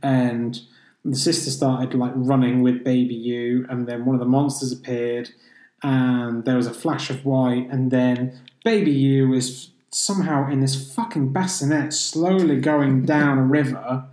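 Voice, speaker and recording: A man co-hosts a casual chat at an average pitch. He swears freely and drops into mimicked voices as he retells a story. The room gives his voice a roomy echo. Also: steady tone, measured pace, darkish tone. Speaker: podcast co-host.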